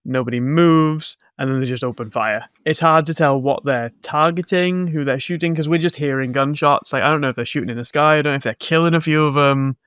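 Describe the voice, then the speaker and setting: A man's voice: a little high, brisk, hardly any pauses, a bit bright, clear, resonant tone, no room sound, studio quality. A man co-hosting a podcast, recapping a film in a rambling, jokey, sarcastic way. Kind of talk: casual film-recap chat.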